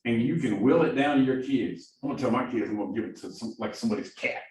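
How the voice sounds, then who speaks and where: Energetic and quick, a Missouri productivity coach with a Southern accent teaches a class of new agents, often checking in with "right?". His pitch is medium and his speech fast. The audio is faintly hissy, picked up from far off in an echoey room.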